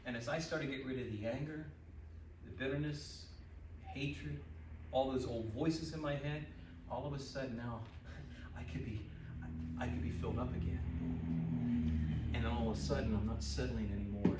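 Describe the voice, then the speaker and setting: A man preaching a sermon as a pastor, lively and building to loud exclamations. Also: mid-range voice, moderate pace, pauses often, background noise. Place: church sanctuary. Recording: echoey church, mic from a distance.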